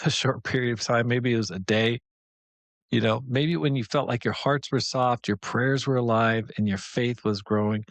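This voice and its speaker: A man's voice: mid-range voice, dry recording. Male podcast host, devotional teacher; earnest, conversational, encouraging, mid-range voice.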